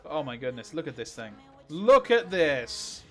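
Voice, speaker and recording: A man reacting excitedly on a live stream, exclaiming and reading viewer questions. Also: a little high, measured pace, faint music behind.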